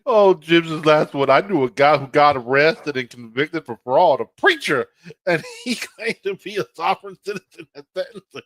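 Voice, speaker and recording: A man in a casual podcast chat, joking and laughing along. His pitch is a little raised and moves about a lot. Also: lively intonation, normal speed, fairly bright tone. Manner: jokey, laughing.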